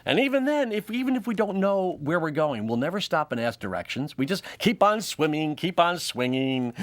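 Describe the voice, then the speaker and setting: A man hosts his own comedy show with a stand-up monologue. His voice sits a little high and swings widely as he jokes. The sound is dry and close. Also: moderate pace, no echo. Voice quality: animated, jokey, laughs often.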